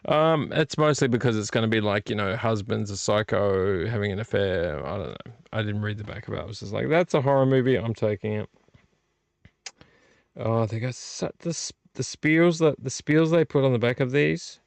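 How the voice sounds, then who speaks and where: Gravelly middle-aged man rambling casually. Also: fairly low pitch, a little fast, dry recording. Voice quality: rambling, thinks aloud while handling discs. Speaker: vlog host. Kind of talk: casual late-night chat. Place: home room.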